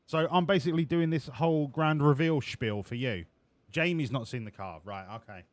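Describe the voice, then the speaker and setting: A man's voice: a little high, moderate pace, no room sound. A man doing live-streamed gameplay commentary, profane, jokey and rambling. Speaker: game streamer.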